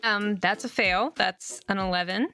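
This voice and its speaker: Bright, giggly woman player. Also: mid-range voice, steady tone, moderate pace, soft background music. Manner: laughs often, hesitant restarts. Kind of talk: casual tabletop game chat.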